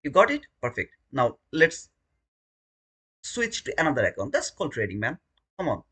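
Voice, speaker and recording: A man's voice: mid-range voice, huge pitch swings, normal speed, pushed and bright, breathy edge. A man streaming his day trading live, talking through the chart and alternately pleading with the market and scolding himself.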